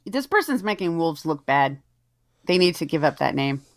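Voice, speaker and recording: A blunt, profane woman co-hosting a casual livestream, chiming in with quick agreement and sharp asides. Her pitch moves freely and expressively, and the sound is dry and close with no room around it. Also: big pitch swings, dry recording. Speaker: stream co-host, voice actor. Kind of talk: casual ranting chat.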